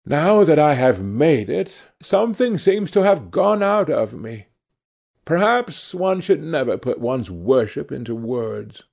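A man's voice: a little high, sing-song, measured pace, vocal fry, a little mellow, exaggerated voice. A man reading aloud and voicing an earnest, devoted male painter who pleads with his friend. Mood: earnest, pleading.

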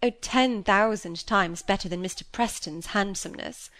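A woman voicing a lively, flippant young woman who talks in a breezy, dismissive way. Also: mid-range voice, normal speed, no room sound, close to an everyday voice. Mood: light.

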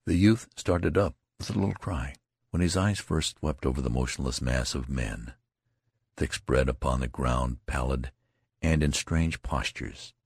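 A man with an extremely deep, gravelly voice reads a novel aloud at a measured, deliberate pace. His tone is husky, and the recording is close and dry with no room sound. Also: darkish tone, dry recording. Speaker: audiobook reader. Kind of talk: scripted narration.

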